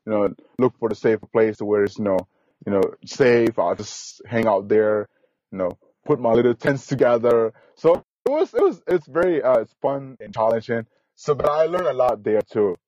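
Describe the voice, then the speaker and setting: A man's voice: mid-range voice, animated, normal speed, dark tone, dry recording, highs cut off. A man as a podcast guest, talking earnestly and enthusiastically, repeating himself, with uneven grammar. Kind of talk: casual interview.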